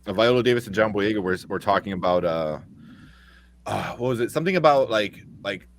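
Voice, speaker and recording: Excitable swearing man reviewing a movie. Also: on the low side, brisk, slight background noise. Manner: excitable, swears freely, retells scenes in quoted voices. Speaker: podcast co-host. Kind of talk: casual movie review chat.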